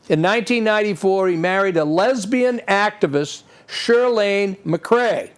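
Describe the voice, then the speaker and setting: Guy hosting a tv show, fairly high voice, ranting about politics, lots of scornful questions to the viewer. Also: lively intonation, unhurried, few pauses. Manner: indignant, opinionated, rhetorical questions. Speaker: TV show host. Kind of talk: political commentary monologue.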